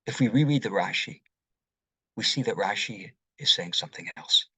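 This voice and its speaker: A man, a rabbi, giving a sermon in a slow, deliberate teaching manner, posing rhetorical questions to his congregation. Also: on the low side, lively intonation, pushed and bright, husky, no room sound, rough recording.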